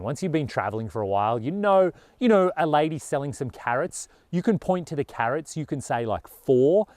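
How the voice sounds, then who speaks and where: A man's voice: medium pitch, a little mellow, no room sound. A man with an Australian accent talking earnestly and casually to camera as a travel vlogger, with a lot of "you know".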